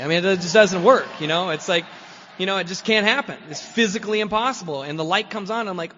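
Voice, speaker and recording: A man speaking as guest at a recovery meeting, telling his story in a lively way and acting out what other people said, getting loud when excited. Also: sits high, fast talker, slight background noise. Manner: animated, acts out voices of others, grows loud when excited. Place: meeting hall. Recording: echoey hall, dull lo-fi recording.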